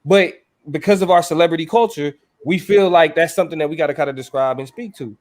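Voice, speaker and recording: Speaking fast in a slightly high, darkish voice, a man co-hosts a casual podcast conversation. He swears freely, talks with emphasis, and keeps restarting his sentences.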